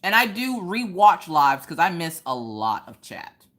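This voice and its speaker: A young woman with a low-pitched voice chats casually while crafting on a livestream from home. She rants in an animated way and breaks into sudden high exclamations. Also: unhurried. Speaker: livestream host.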